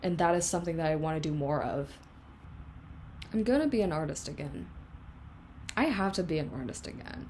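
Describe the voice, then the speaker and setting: A woman's voice: sits low, animated, brisk, a little mellow, a little hiss or hum. A young adult woman talking candidly to camera in a reflective, casual vlog, with plenty of "like" and "you know". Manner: candid, reflective, filler-heavy. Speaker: vlogger.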